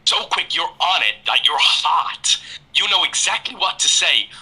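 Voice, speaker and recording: A male caller on a livestream, his voice sharp and slightly raised. He talks in a gushing, effusive way and keeps piling on praise. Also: fairly high pitch, animated, a little slow, breathy edge, poor audio. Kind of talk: casual call-in chat.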